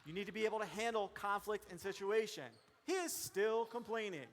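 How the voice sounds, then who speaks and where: A man giving a motivational keynote as a referee, speaking directly to the audience in a lively way. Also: high-pitched, a little fast. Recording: long hall reverb.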